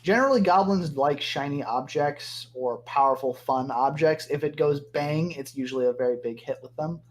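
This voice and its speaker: A game master narrating a tabletop game on a stream, swearing freely and breaking off into quick jokes. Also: mid-range voice.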